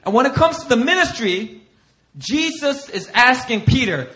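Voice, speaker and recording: A man's voice: very high-pitched, animated, normal speed, sharp tone. A male pastor preaching a sermon, acting out scripture quotes and laughing often as he talks.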